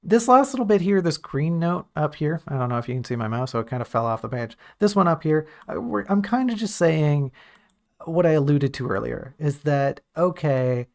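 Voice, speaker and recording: A man's voice: a little high, lively intonation, normal speed, vocal fry. A man in casual stream commentary, reviewing his own writing draft, thinking aloud in a self-critical, joking way.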